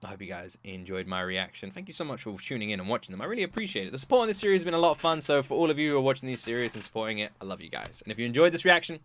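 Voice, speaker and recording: A man hosting a reaction video, chatting casually in an animated, joking way. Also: medium pitch, racing, few pauses, a little hiss or hum. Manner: animated, joking, acts out scenes.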